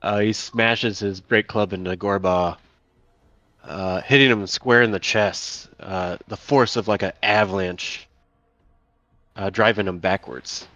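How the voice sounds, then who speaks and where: A man's voice: on the low side, fairly even intonation, measured pace, sharp tone, dry recording, highs cut off. A man serving as game master, narrating a tabletop game in a casual, stop-start way with many fillers, over an online call.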